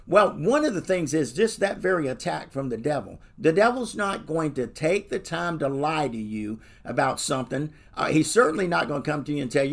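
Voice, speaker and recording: A man's voice: on the high side, animated, brisk, gravelly, hardly any pauses. A male pastor delivering a sermon, pressing the listeners with repeated rhetorical questions.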